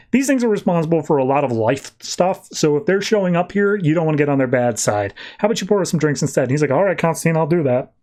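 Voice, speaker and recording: A man on a podcast retelling a comic book issue in a casual, animated way, briefly slipping into the characters' lines. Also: a little high. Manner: animated retelling with quick quoted voices. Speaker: podcast host.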